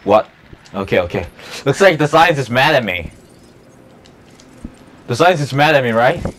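Excitable man chatting over a game. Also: mid-range voice, moderate pace. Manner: chatty and excitable, talks to the dinosaurs, laughs often. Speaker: gameplay YouTuber. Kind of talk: casual let's play commentary.

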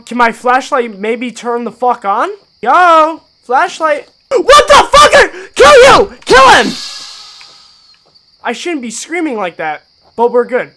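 Lively-pitched profane gaming guy. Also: slight background noise. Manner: profane and sarcastic, swinging from mutters to panicked yelling. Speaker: gaming YouTuber. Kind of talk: horror game let's-play commentary.

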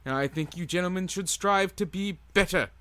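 A man voicing a pompous, self-important gentleman with a grand name who speaks stiffly and formally and promotes himself. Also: high-pitched, fairly quick, dry recording, voice pushed up.

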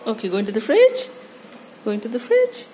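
A woman with a high voice coaxes and teases her pet dog in a home video, falling into baby talk. Steady background noise runs under the phone recording. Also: moderate pace. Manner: coaxing, playful, talks to the dog like a baby.

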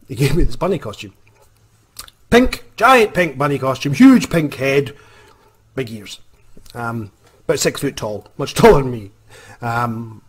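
A Scottish man and author telling a comic story to camera in a wry, animated way. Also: mid-range voice, breathy edge. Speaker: vlogger, author.

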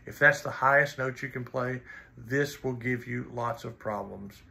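Blunt, gravelly music teacher. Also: male voice, mid-range voice, unhurried, pushed and bright, slight background noise. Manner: blunt, teasing, counts and sings rhythms aloud. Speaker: trombone teacher. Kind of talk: instructional video.

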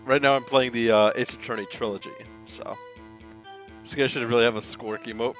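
A man's voice: medium pitch, steady tone, a little fast, faint music behind. A man streaming a video game live on a headset, reading the dialogue aloud, chatting with viewers and laughing often.

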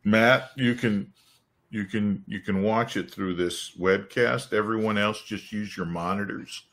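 A man's voice: lowish voice, unhurried, fairly bright tone. A man hosting a casual company webcast, joking and rambling with restarts. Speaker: webcast host.

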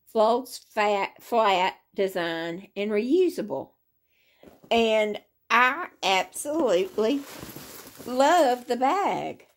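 An older woman, chatting casually to her viewers from her living room in a rambling, sleepy way. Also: medium pitch. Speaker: crochet vlogger. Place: living room, in a hospital bed.

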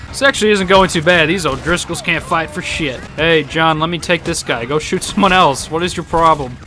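A man's voice: on the high side, sharp tone. A young man giving joking let's-play commentary, laughing often and yelping playfully. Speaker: gaming YouTuber.

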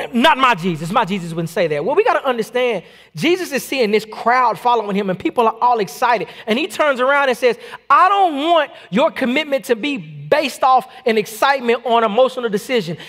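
High-pitched guy preaching, chatty and animated, repeats himself a lot. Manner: animated, conversational preaching with repetitions. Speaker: pastor. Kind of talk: sermon. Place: church, streamed online.

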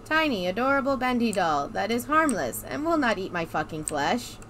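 Woman, higher voice, nervous gaming commentary, self-reassuring, swearing, faint keyboard typing behind. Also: big pitch swings, normal speed, fairly bright tone, slight background noise. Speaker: gamer. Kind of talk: let's play commentary.

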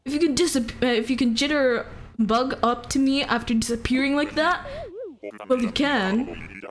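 A woman voicing a laid-back old male villager from a game, reading his lines in a lowered, drawling voice. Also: fairly even intonation, normal speed, natural voice. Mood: teasing.

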